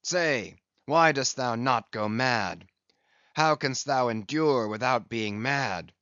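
A man's voice: medium pitch, slow pace, bright, forceful tone, no echo, dull audio. A man reading an audiobook, voicing an obsessed, brooding old sea captain who speaks in passionate, commanding old-fashioned speech. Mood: intense.

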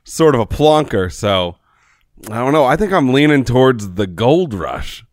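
A man's voice: medium pitch, sing-song, unhurried, no room sound, studio quality. A man playing in a tabletop role-playing game, joking casually with the group. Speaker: player.

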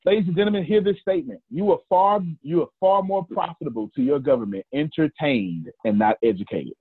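Husky Southern man coaching over a call. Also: on the high side, expressive, brisk, no echo. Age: 40s. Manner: folksy, repeats phrases, counts down, teases listeners. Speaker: coach hosting a group call. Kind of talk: animated motivational coaching. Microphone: video call. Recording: phone-like lo-fi call audio.

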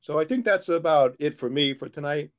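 A man's voice: a little high, fairly quick. A man co-hosting a casual show, telling long jokes and putting on voices for the characters in them. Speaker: co-host. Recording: dull lo-fi sound.

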